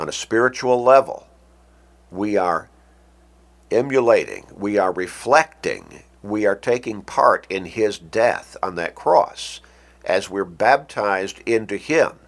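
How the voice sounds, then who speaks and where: A man with a fairly low voice preaches a radio sermon. He speaks slowly and deliberately, leaning hard on key words as he quotes scripture. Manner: emphatic, slow and deliberate, quoting scripture.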